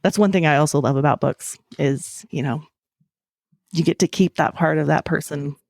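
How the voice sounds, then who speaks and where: A woman's voice: low-pitched, moderate pace, a little mellow, no room sound, clean studio sound. A woman author talking candidly in an interview and reading her own novel aloud, laughing easily. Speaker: author and guest.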